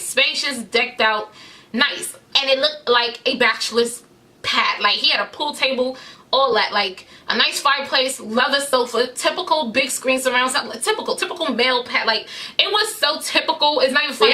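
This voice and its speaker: A woman tells a personal story straight to her viewers, candid and full of slang. Her voice sits on the high side and rings bright and forward. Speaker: vlogger. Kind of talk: casual storytime.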